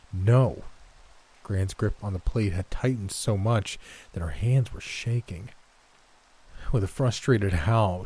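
A man reading a horror story aloud in a slow, tense, dramatic way. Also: fairly low pitch, background noise. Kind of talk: scripted narration.

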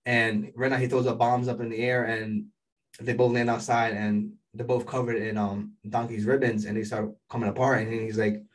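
A man giving a casual, rambling recap of an anime episode, excitable and full of fillers. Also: medium pitch, normal speed, recorded from a distance, rough recording.

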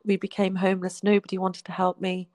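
A woman, a guest telling her life story in a heartfelt way, often falling to a soft hush. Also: mid-range voice, monotone, fairly quick, no echo. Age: 40s. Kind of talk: emotional personal storytelling.

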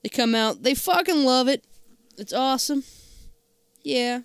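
Smooth-voiced podcast co-host joking around. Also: high-pitched, expressive, a little slow, no room sound, clean studio sound. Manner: joking, heckling with repeated boos. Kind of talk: casual chat retelling a movie plot.

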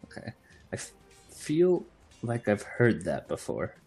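Low husky dude at a tabletop game, lively, kinda hesitant. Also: male voice, measured pace, soft background music. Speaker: player.

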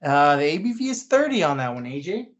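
A young man co-hosting a laid-back podcast talks briskly in a slightly high voice with big pitch swings, and the audio is dull. He's chatty and easygoing, with frequent "um"s.

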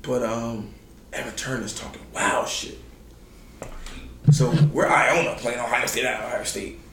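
A man's voice: unhurried, vocal fry. Slangy man, roomy recording. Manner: animated, acts out quotes with big pitch jumps; laid-back slangy talk. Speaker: former college basketball player telling stories. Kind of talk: casual storytelling. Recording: roomy sound with faint noise.

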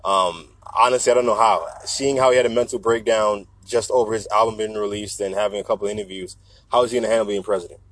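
A man's voice: lowish voice, fairly even intonation, fast, a bit bright, no room sound, low-quality recording. A man in a casual, profane, joking rant who keeps slipping into mock voices. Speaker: vlogger.

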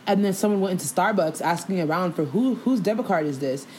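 A young woman hosting a casual podcast, telling animated, profane stories and laughing through them. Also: on the low side, fast talker, slight background noise. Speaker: podcast host. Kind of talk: casual storytelling chat.

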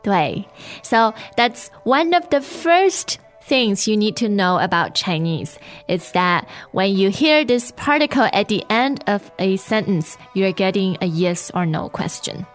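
Slow, careful woman teaching a language. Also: medium pitch, lively intonation, soft background music. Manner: slow, careful modelling of each word, repeated twice. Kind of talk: podcast language lesson.

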